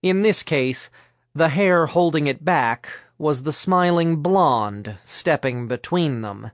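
A man with a medium-pitched voice narrates an audiobook, telling the scripted story in a measured, even way. The studio sound is clean, with no room sound.

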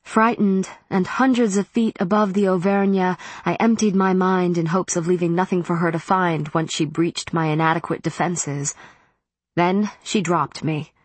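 A woman reading a first-person story aloud as an audiobook narrator, in a measured, steady way. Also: fairly low pitch, husky, no room sound.

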